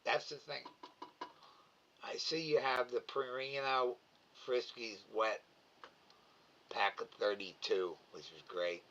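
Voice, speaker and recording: Middle aged guy on a live stream, slow halting talk, kinda bright edge, dull lo-fi sound. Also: mid-range voice, fairly even intonation. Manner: slow, halting, repeats words, emotional. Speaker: live cam host reading chat. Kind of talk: casual live-stream chat.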